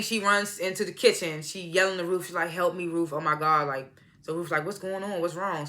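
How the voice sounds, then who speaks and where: A female TV reviewer with a low, fairly bright voice gives a chatty rundown of an episode. Frequent laughter breaks up her retelling, and she voices the characters' lines as she goes.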